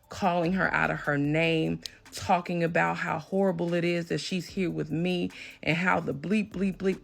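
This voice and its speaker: Gravelly woman recounting a story. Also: lowish voice. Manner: emphatic, animated when retelling a confrontation. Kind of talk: storytime recounting a personal drama.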